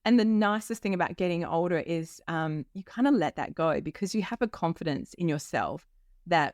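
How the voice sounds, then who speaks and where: Candid woman in her fifties, low voice. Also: lively intonation, normal speed, darkish tone, no echo, clean studio sound. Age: 50s. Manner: candid and chatty, with many ums and likes. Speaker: podcast host. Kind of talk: personal solo podcast reflection.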